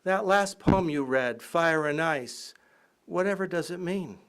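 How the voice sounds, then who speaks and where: A man's voice: a little high, unhurried, clear, resonant tone, voice pushed up. A man putting on a timid young woman's voice. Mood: timid pleading.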